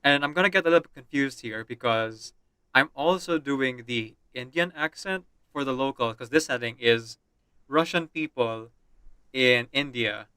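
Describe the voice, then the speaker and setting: A man's voice: mid-range voice, normal speed, sharp tone, smooth, no echo. A man streaming a game, chatting with viewers and reading the story aloud. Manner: apologetic, chatty.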